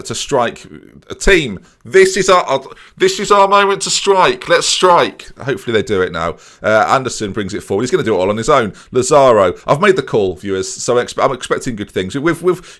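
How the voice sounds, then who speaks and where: Lively man commentating a game. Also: mid-range voice. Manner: excitable, sarcastic running commentary addressing viewers. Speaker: gaming YouTuber. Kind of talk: let's-play commentary on a football management game.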